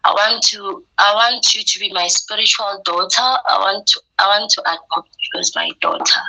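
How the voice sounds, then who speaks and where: Bright-voiced woman. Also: mid-range voice, moderate pace, poor audio. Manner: quotes herself and others in a lively retelling. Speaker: interviewee telling her story. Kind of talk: personal storytelling.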